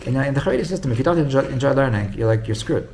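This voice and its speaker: A man's voice: mid-range voice, animated, rapid-fire, a little mellow, slight background noise. A man, a rabbi, telling a story in a casual, rambling way with many restarts. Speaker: rabbi teaching.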